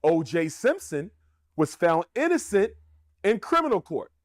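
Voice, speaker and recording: Male commentator, high and very lively voice, emphatic and rhetorical, opinionated delivery. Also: measured pace, dry recording, clean studio sound. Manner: emphatic and rhetorical, repeats points for effect.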